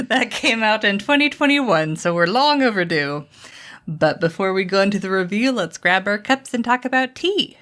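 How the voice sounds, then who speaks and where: A woman's voice: mid-range voice, expressive, normal speed, fairly bright tone. A woman co-hosting a casual podcast, chatty and laughing often, thinking aloud with restarts. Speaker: podcast co-host.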